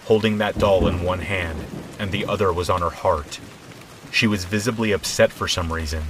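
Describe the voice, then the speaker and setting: Deep-voiced man narrating a horror story. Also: slight background noise, poor audio. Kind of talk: scripted narration. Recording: soft rain behind.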